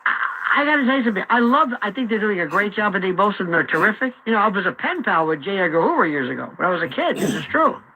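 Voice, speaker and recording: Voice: mid-range voice, big pitch swings, fast talker, few pauses, bright, forceful tone, rough recording. A radio talk host giving opinionated commentary, talking emphatically and acting out imagined quotes.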